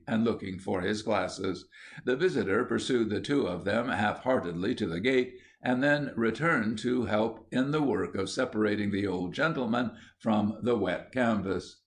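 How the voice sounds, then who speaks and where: A man reading an audiobook in a measured, wry storytelling voice. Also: fairly low pitch. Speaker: audiobook narrator.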